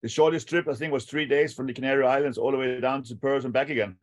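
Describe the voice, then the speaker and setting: A man's voice: medium pitch, fast, no echo. A man in his fifties chats as a podcast guest. He tells his old travel stories in an easy way and lists each stop in turn. The recording is dry and close, with little room sound. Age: 50s. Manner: relaxed storytelling, recalls places one after another. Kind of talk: casual chat. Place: home by the palm trees.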